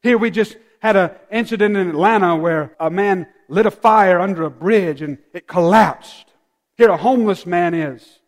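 A man preaching a sermon emphatically, swinging from loud peaks down to hushed, near-whispered lines. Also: high-pitched, normal speed, big-room sound. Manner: emphatic, rising and falling dynamics, dropping to near-whispers.

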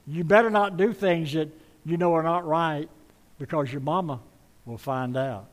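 A man's voice: fairly high pitch, animated, a little slow. A middle-aged man, preaching a sermon and telling folksy stories to his congregation. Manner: folksy storytelling, warm appeals to the congregation. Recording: long reverb of a large hall.

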